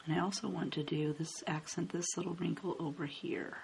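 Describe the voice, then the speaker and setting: A woman with a low, slightly gravelly voice guides you through a coloring tutorial one stroke at a time. Her narration stays calm and unhurried. A faint hiss sits under the recording. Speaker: card-making instructor. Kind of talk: step-by-step coloring tutorial voice-over.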